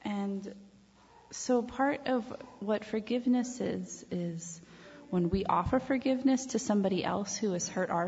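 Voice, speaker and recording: A woman leads a children's talk in a church, speaking gently and asking the kids questions as she tells a story. Her voice is dark and husky with a gravelly edge. The sound is dull and lo-fi, with a long church echo behind it. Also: mid-range voice. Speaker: children's time leader. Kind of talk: children's sermon. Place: church sanctuary.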